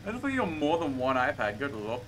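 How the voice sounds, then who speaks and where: A young man streaming a game with friends, swearing and bursting out loudly in casual chat. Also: mid-range voice, fast. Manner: loud, swearing, excitable outbursts. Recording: faint background noise.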